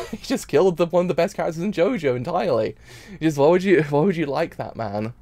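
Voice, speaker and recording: A man's voice: a little high, expressive, brisk, dark tone, no echo. A man reacting to an anime episode in a casual stream, rambling and repeating himself while crying. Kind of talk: emotional casual reaction talk.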